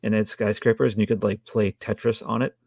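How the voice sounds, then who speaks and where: A man co-hosting a podcast in a casual film review chat, trading dry, wry jokes between halting restarts. His voice is low, gravelly and a little husky. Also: little pitch movement, a little mellow, dry recording. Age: adult with a child. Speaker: podcast co-host.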